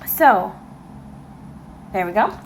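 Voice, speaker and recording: A woman giving a casual tarot reading to camera, excitable and emotional, talking straight to her viewers. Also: medium pitch, very slow, a little hiss or hum, poor audio. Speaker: tarot reader. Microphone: camera mic.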